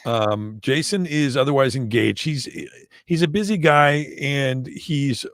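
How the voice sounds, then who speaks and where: A man's voice: mid-range voice, measured pace, no echo, clean studio sound. A man co-hosting a podcast live from home, joking, playful and teasing while reading out fan messages. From Canada. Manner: playful, joking, drops into mock accents. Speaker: podcast co-host. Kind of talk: casual live-stream chat. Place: at home, indoor room. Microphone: webcam or computer mic.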